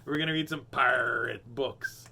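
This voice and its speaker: A man's voice: mid-range voice, moderate pace, pushed and bright, husky. A man hosting a storybook reading, joking playfully between pages. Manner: playful, joking, with frequent laughs. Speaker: storyteller host. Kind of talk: reading picture books aloud.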